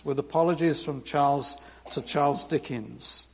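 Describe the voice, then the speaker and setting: A British man preaching a sermon in a church, reading scripture with lively, humorous asides. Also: on the high side, moderate pace, creaky, in a large hall. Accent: British English. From Britain.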